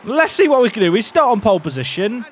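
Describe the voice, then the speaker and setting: Lively high-voiced young man. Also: fast talker, soft background music. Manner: excitable, jokey, talks to chat, yells at drivers. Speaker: gaming video creator. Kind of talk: casual gameplay commentary.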